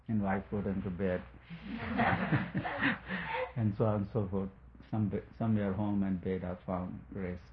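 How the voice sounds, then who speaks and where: A man's voice: fairly low pitch, phone-quality sound, slight background noise. A man giving a spiritual talk, telling a story in a rambling way, searching for words and chuckling.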